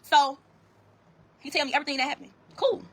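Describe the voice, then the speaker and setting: High, fast-talking woman telling a story. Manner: profane, emphatic, addresses listeners as y'all. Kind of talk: casual storytelling to viewers.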